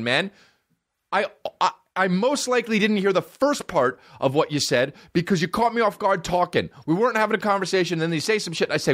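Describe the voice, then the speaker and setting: A man in his thirties hosting a comedy podcast, ranting in a profane, animated way. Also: sits high, fast, no echo, studio quality. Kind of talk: casual comedic rant.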